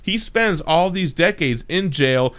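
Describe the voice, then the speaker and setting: A man's voice: fairly high pitch, lively intonation, slow pace, fairly bright tone. A man hosting a comic book channel, talking in a laid-back, slangy way as he reviews the week's comics. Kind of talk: casual review chat.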